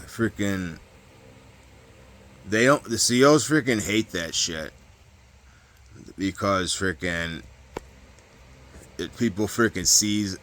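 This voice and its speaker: Deep-voiced man with a sharp, forceful tone, telling a casual, rambling story full of fillers and swearing. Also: a little hiss or hum. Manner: rambling, heavy fillers and profanity, frequent restarts. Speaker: vlogger recounting prison stories.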